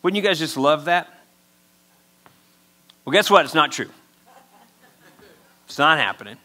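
Bright-voiced, high-pitched male pastor preaching. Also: animated, a little slow. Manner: conversational, emphatic preaching with acted-out quotes. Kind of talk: sermon.

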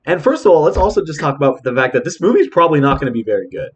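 A young man hosting a casual podcast chat. He talks in an excited, rambling way with lots of fillers. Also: a little high, racing, a little hiss or hum. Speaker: podcast host.

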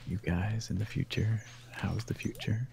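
Soft-spoken gravelly man from Canada. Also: fairly low pitch, a little slow. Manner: soft, hesitant, slips into whispers. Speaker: co-host. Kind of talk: soft-spoken ASMR gaming chat.

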